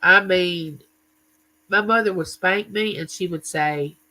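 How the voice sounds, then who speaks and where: A man's voice: high voice, takes it slowly, pushed and bright, rough recording. Chatty man hosting a live chat. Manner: chatty, tells stories and greets viewers by name. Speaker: livestream host. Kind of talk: casual livestream chat.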